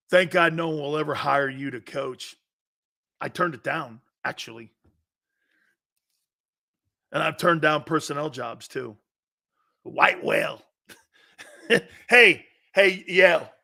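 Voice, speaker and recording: Animated laughing sports talk host. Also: male voice, on the high side, gravelly. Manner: animated, laughs often, rambling asides. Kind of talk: casual live-stream talk reading viewer comments.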